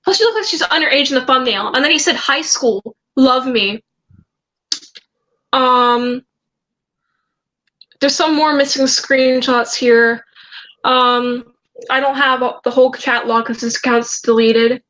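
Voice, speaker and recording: High, bright-voiced young woman vlogger. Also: poor audio. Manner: hesitant, halting, with many ums and restarts. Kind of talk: casual storytelling, reading out chat messages.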